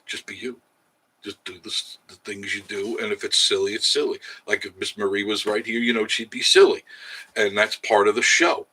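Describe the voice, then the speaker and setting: Chatty channel host, male, bright tense tone, casual and rambling with frequent laughs. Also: medium pitch, low-quality recording. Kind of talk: casual live-stream chat reading viewer comments.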